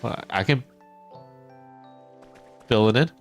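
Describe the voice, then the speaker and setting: A man's voice: mid-range voice, slow pace, soft background music. A man streaming a farming game, chatting casually with his viewers, answering chat and laughing often. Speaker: teacher. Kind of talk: casual live-stream chat while gaming.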